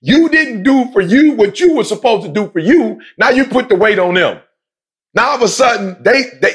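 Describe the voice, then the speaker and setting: A man's voice: high-pitched, brisk. A man speaking emphatically in a casual, slangy way, telling a personal story and repeating points for emphasis. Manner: emphatic, repetitive, slangy, animated. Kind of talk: passionate conversational storytelling.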